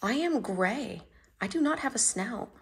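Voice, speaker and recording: A woman's voice: fairly high pitch, animated, measured pace, slight background noise. A woman doing a fretful, earnest elephant fellow. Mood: sad. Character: gentle, worried grown male elephant.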